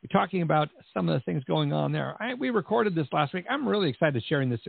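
A man's voice: fairly high pitch, expressive, fast, gravelly, husky, dry recording. A middle-aged man hosting a podcast in a chatty, rambling way with asides. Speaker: podcast host. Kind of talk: casual show opening. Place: Central Texas. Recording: tinny phone-line audio.

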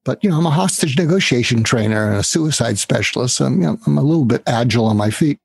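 A fast-talking man with a husky, mid-range voice and vocal fry is recorded with no echo. As an author and negotiation trainer on a podcast, he tells animated stories and voices the quoted conversations himself.

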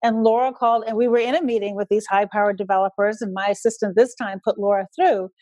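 An older woman, a guest in an interview, speaking in a measured, storytelling way. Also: medium pitch, fairly even intonation, warm tone, no echo. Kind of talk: conversational interview.

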